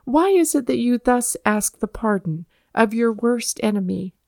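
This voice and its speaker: A woman's voice: fairly high pitch, expressive, measured pace, creaky, warm tone, dry recording, studio quality. A woman voicing a dignified male general who speaks in a grave, formal way.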